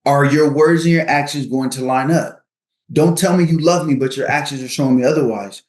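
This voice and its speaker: A man's voice: medium pitch, fairly quick, darkish tone, reverberant. A man guesting on a podcast, giving earnest advice on marriage and co-parenting, leaning on sports analogies.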